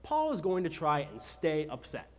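A man preaching a sermon, retelling scripture with animated, dramatized storytelling. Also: a little high, moderate pace. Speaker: pastor.

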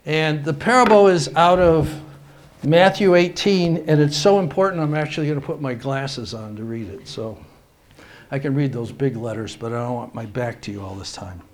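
A man delivers a sermon to his congregation from a church sanctuary. His voice sits a little high, and he reads scripture aloud with growing emphasis. Now and then he pauses and restarts to speak directly to the people in front of him. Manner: pauses and restarts mid-sentence. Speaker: pastor.

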